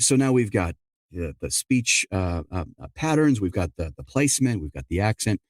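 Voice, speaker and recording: A middle-aged man, an audiobook narrator and dialect coach, answering interview questions in an explanatory way, often quoting people in quick asides. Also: sits low, big pitch swings, no room sound.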